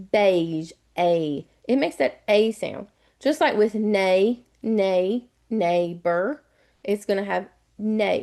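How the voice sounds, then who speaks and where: A woman's voice: medium pitch, gravelly, a little mellow. A woman with a Southern US accent, giving a live online test prep lesson and explaining each step over and over in a chatty way.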